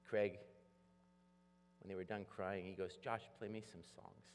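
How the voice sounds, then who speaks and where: A man preaching a sermon, telling a story with lively acted-out voices. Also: low-pitched, unhurried, gravelly, a little hiss or hum. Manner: animated storytelling, acts out voices. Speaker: pastor. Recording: long hall reverb.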